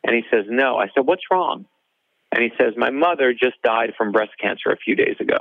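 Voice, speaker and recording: A man's voice: mid-range voice, quick pace, gravelly, no echo. A male author telling a story in an interview, acting out the dialogue in it. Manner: animated storyteller, acts out dialogue. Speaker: author guest. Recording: dry tinny phone-like line.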